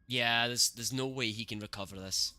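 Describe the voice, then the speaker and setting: A man streaming gameplay, reacting excitably to the match and talking to his chat, cursing at the game. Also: mid-range voice, normal speed, no echo, faint music behind. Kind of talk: live gameplay commentary.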